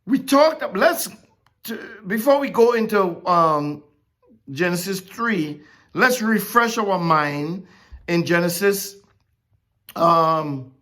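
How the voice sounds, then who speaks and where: A Bible teacher giving a conversational sermon, animated and repeatedly checking in with listeners. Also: medium pitch, slow pace, long pauses. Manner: animated, keeps checking in with "okay?" and "right?".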